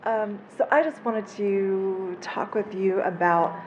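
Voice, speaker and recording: A woman in the audience speaking slowly and deliberately as she asks the panel a question. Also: medium pitch, muffled recording, slight background noise. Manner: slow, measured, gravelly. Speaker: audience member asking a question. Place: convention panel room.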